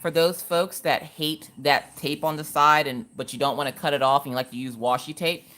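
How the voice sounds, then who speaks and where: A woman's voice: low-pitched, steady tone, normal speed, a bit bright. A woman hosting a casual crafting livestream, greeting her viewers by name as she works. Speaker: livestream host.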